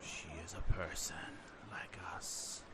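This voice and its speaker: A man's voice: slow pace, very noisy. A male player speaking in character in a tabletop role-play, with solemn, formal speech.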